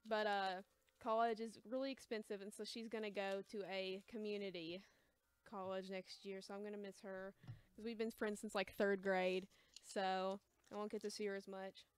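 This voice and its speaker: A woman's voice: mid-range voice, level tone, normal speed, clear, resonant tone, dry recording. Young American woman, shy rambling livestream seller, clean voice, dry close sound. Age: young adult. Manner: hesitant, rambling, says she is quiet and awkward. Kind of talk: casual livestream chat. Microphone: close mic, chewing gum.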